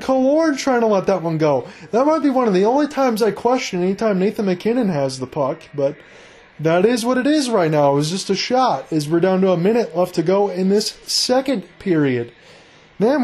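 A man calling live hockey play-by-play, rapid and excited, rising with the action. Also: sits high. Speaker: play-by-play announcer.

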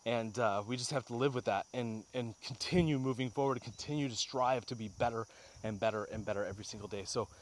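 A man's voice: medium pitch, fast, a little hiss or hum. A man hosting a casual motivational talk while out on a walk, getting slightly out of breath, addressing listeners as guys. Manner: energetic, talks to listeners as guys. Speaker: podcast host. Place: outdoors on a walk.

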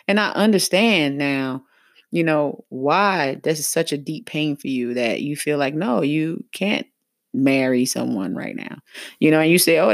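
Gravelly-voiced woman hosting a faith talk show. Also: lowish voice, no echo, clean studio sound. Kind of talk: casual faith-based advice talk.

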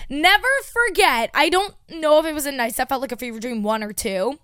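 A woman's voice: high voice, brisk, fairly bright tone, dry recording, clean studio sound. A woman co-hosting a comedy podcast in casual chat, chatty and laughing often, swearing freely and talking over others. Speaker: podcast co-host.

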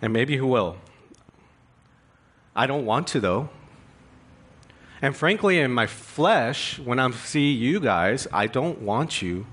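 A man's voice: mid-range voice, animated, slow pace, pauses often, fairly bright tone. A male pastor preaching a sermon in an earnest, confessional way, building emphasis through rhetorical questions.

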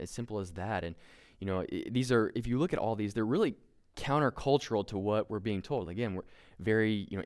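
A young man preaches in a relaxed, conversational way, stumbling over restarts and dropping in self-deprecating jokes. His voice is smooth and resonant and sits a little low. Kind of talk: casual sermon.

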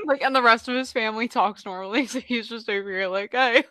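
A woman's voice: on the high side, fast talker, a bit bright, no echo. A young woman chatting casually on a voice call, giggly and full of "like". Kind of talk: casual chat. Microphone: voice chat call.

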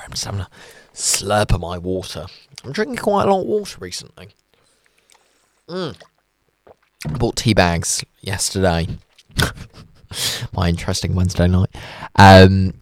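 Male radio host, chatty and self-mocking, very lively pitch. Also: measured pace, pauses often, no room sound. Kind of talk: casual radio chat.

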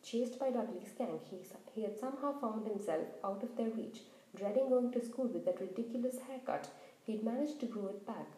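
A woman reading a children's book aloud in an expressive, animated way. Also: on the high side, fairly quick. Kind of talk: storybook narration. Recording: roomy echo.

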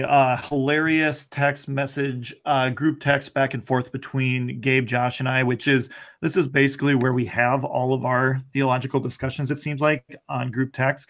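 A man's voice: mid-range voice, a bit bright. A man co-hosting a casual theology chat, telling a rambling story with jokes and restarts. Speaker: podcast co-host.

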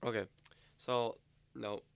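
A man's voice: mid-range voice, flat delivery, slow, creaky, clean tone, dry recording. A young man in casual chat with friends, joking, teasing and laughing often. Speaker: friend answering questions.

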